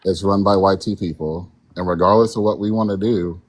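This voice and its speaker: A man arguing in a measured, point-by-point way as a guest in a live panel debate. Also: low voice, fairly even intonation.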